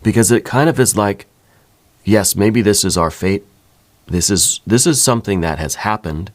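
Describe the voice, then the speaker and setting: A man with a very low voice reads tarot cards in a soft, close ASMR style, speaking straight to the listener. his talk is gentle and searching, as if he feels his way toward each thought. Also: moderate pace. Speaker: tarot reader.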